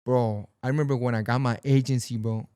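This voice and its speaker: Telling stories as a podcast guest, this young Angeleno from Pacoima, with a Mexican-American accent and a mother from Sinaloa, switches freely between English and Spanish, uses "bro" often, and imitates the people he quotes. His voice is medium-pitched, dark, clear and resonant, with fairly even intonation and a fairly quick pace, captured in studio quality with no echo.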